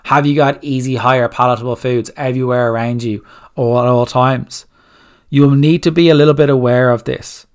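A man's voice: medium pitch, steady tone, moderate pace, smooth. A man hosting a solo coaching podcast, giving blunt, direct fat-loss advice and firing off rhetorical questions. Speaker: fitness coach, podcast host.

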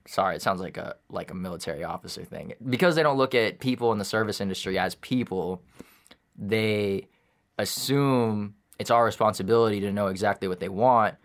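A man's voice: fairly low pitch, fairly bright tone. A young man in his twenties in casual chat, rambling with lots of fillers and some swearing. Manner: rambling, profane, many fillers.

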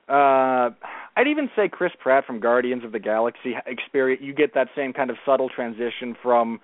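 A man's voice: medium pitch, no room sound. A man with a mid-range voice, a guest on a film discussion show. He talks earnestly and often rewords his points partway through. His voice comes through a narrow, phone-like line that sounds dry. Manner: earnest, restarts and corrects himself. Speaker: podcast guest.

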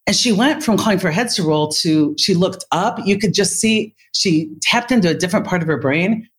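A woman with a slightly lower voice tells a workplace story in an interview. She speaks as a leader in healthcare. Her delivery is animated and vivid. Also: normal speed.

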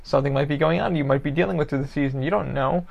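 A man's voice: on the high side, very fast, gravelly. A young man hosting a solo podcast, rambling casually and profanely about football. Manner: rambling, profane, animated sports talk. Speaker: podcast host.

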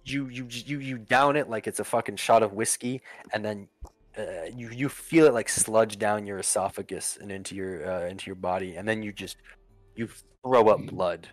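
A young man in a low voice narrates a tabletop game as its game master. He rambles casually, full of "uh" and restarts. The sound is dry and close, with faint music underneath. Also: fairly even intonation, normal speed, no echo.

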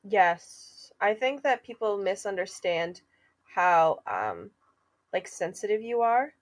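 A woman's voice: medium pitch, big pitch swings, slow pace. A young woman co-hosting a casual chat with a friend, playful and self-mocking, laughing often as she talks. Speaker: co-host.

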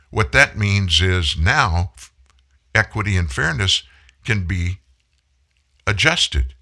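A man's voice: lowish voice, sharp tone. A man in his sixties hosting a political talk show, delivering emphatic commentary and stretching out key words for effect. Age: 60s. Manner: emphatic, punches single words, slows down for effect.

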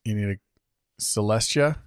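A man's voice: lowish voice, measured pace, clean tone, dry recording, studio quality. A man in his thirties co-hosting a casual podcast chat, laughing often and acting out quotes in playful voices. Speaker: podcast co-host.

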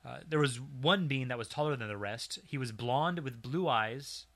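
A man's voice: medium pitch, moderate pace, fairly bright tone. A man co-hosting a podcast, casually recounting a strange story with dry humor. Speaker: podcast co-host.

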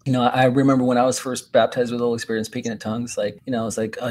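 A man who is a guest minister on a Christian talk show, speaking in a relaxed, conversational way and quoting scripture. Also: mid-range voice, fast talker, slight background noise.

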